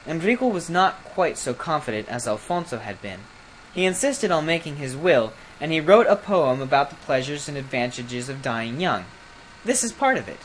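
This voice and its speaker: A storyteller reading a fairy tale aloud, expressive, with small slips and self-corrections. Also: mid-range voice, moderate pace, a little hiss or hum.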